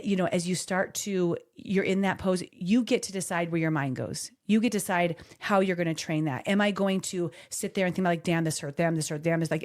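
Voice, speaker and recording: A middle-aged woman hosts a casual podcast and turns a story into lessons about life. She speaks in an encouraging, coaching way, building her points step by step. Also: mid-range voice. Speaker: podcast co-host.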